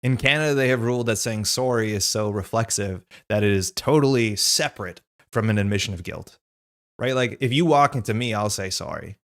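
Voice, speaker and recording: A man's voice: lowish voice, a little fast, a bit bright. A man co-hosting a card game livestream, joking and chatting casually as he reads out viewer messages. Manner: joking, chatty, reading out chat. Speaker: livestream co-host. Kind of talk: casual gaming stream banter. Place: live card game stream, home setup.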